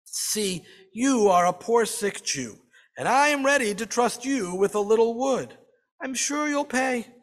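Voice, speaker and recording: A man's voice: very high-pitched, expressive, measured pace, voice pushed up. A man voicing a pious rabbi disguised as a peasant, speaking with kindly, patient reassurance. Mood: gently chiding. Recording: long hall reverb.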